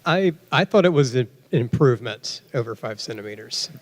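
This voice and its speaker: A man in the audience asking the panel a question in a halting way. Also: mid-range voice, lively intonation. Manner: hesitant, halting. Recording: long hall reverb.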